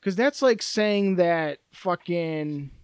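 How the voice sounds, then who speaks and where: A man's voice: high-pitched, slow, clear, resonant tone, no room sound, clean studio sound. A man co-hosting a casual podcast chat, blunt and exasperated, swearing heavily as he shuts down arguments. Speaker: podcast co-host.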